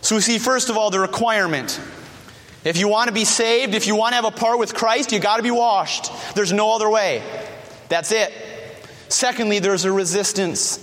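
Pastor, male, high voice, earnest sermon with acted-out quotes, long church reverb. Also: normal speed, a bit bright.

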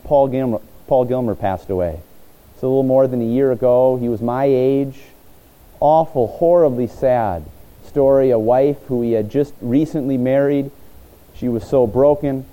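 A man preaching a sermon in an earnest way, pausing and restarting his phrases. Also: medium pitch, lo-fi sound. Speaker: pastor.

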